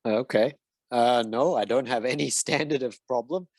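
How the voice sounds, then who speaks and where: A man's voice: medium pitch, moderate pace, a little mellow, dry recording. Hesitant man mentor, dry close sound. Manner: hesitant, lots of fillers and restarts. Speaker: design mentor answering questions. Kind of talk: casual Q&A in an online session.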